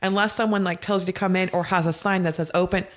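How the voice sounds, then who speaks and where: A woman's voice: on the low side, fast talker. A woman guest in casual podcast chat, laughing often and swearing freely as she explains things. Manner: laughing, profane, animated storyteller.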